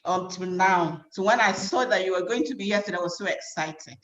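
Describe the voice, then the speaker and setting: A woman's voice: mid-range voice, brisk. Woman asking a question, echoey dull call. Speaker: audience member asking a question. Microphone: video call.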